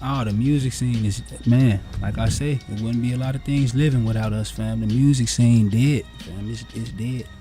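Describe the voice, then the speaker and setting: A man's voice: medium pitch, fairly even intonation, moderate pace, hardly any pauses, warm tone, faint music behind. A man from Wisconsin, a rapper guest on a radio interview, talking in casual slang and saying "fam" again and again. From Wisconsin, USA. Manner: slangy, keeps repeating "fam" and "on everything". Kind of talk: animated casual radio chat. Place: radio station studio.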